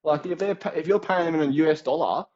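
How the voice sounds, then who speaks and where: A man's voice: on the high side, fast, darkish tone, muffled recording. A young Australian man in his late teens giving a casual, slangy exam revision rundown, acting out little quoted voices as he goes.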